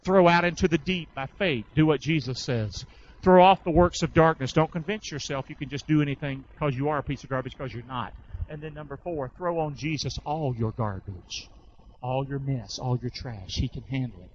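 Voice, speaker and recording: A man's voice: mid-range voice, moderate pace, muffled recording, a little hiss or hum. A man preaching a sermon, calling for his congregation to answer and repeating lines back. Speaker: pastor.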